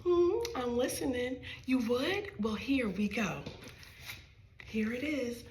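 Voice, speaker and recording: A woman's voice: on the high side, lively intonation, slow, a little mellow, reverberant. A woman reading her own picture book aloud to small children in a library, playful and sing-song, talking straight to her young listeners.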